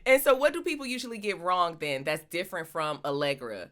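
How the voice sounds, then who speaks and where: A woman's voice: lowish voice, expressive, a little fast, a bit bright. A woman hosting a casual podcast chat, asking playful questions and laughing a lot. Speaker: podcast host.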